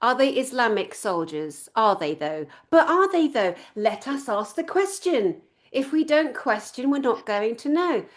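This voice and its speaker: Ranting woman with a southern English accent. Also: a little high. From Scotland. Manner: forceful, sarcastic, ranting. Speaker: channel host. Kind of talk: casual video chat.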